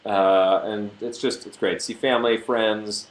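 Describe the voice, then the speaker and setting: A young man chatting casually on a livestream, answering fan questions in a halting, joking way. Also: lowish voice, fairly even intonation, reverberant, very noisy.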